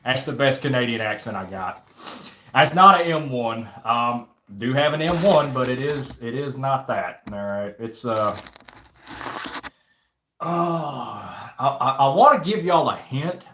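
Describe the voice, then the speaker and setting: Young guy rambling on his livestream, swears a lot, bright voice, echoey room. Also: medium pitch, lively intonation, unhurried, slight background noise. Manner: rambling, profane, lots of fillers, reads chat aloud. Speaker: livestream host. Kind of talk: casual livestream chat. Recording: roomy echo.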